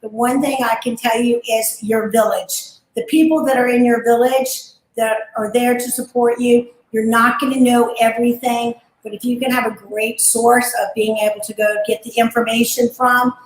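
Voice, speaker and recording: An upbeat woman speaks as a guest on a live video call and gives motivational advice. Her voice sits fairly high. The room around her is noticeably echoey. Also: little pitch movement, moderate pace. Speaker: brand founder guest. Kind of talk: live online talk.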